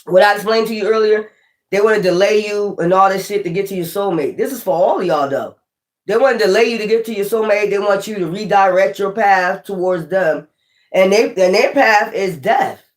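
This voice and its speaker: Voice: mid-range voice, a little fast. A tarot reader talks straight to viewers in a live reading. The delivery is blunt and peppered with swearing. Points get repeated and pressed hard. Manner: blunt, profane and emphatic, with lots of repetition.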